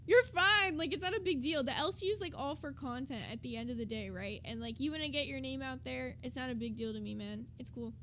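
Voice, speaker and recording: A woman's voice: a little high, lively intonation, fast, hardly any pauses, a little hiss or hum. A woman co-hosting a livestream in loose, chatty talk, full of fillers and casual cursing. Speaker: livestream co-host.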